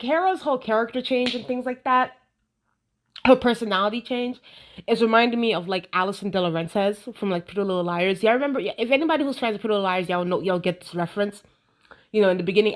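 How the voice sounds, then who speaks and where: A woman giving a casual, animated show review, emphatic and repeating herself for effect. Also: a little high.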